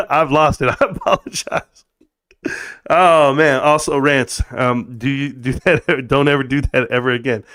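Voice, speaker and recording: A middle-aged man hosting a casual livestream, joking, laughing and swearing, then settling into a quieter tone to tell personal stories. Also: mid-range voice, steady tone, unhurried. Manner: goofy, laughing, swearing, bursts of put-on voices. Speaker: livestream host.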